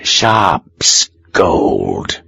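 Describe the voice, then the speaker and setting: A man's voice: low-pitched, wildly swooping pitch, drawn-out words, creaky, bright, forceful tone, husky, no room sound, studio quality, pitched below the performer's own voice, heavily acted. A man voicing a blunt, cocky soldier who gives curt commands.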